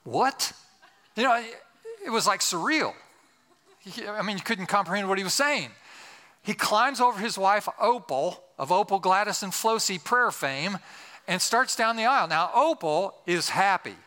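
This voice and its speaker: An older man preaches a storytelling sermon, slipping in humorous, self-deprecating asides. His voice is bright and forceful, pitched a little high. A long reverb trails through the sanctuary. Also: lively intonation, measured pace. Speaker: pastor.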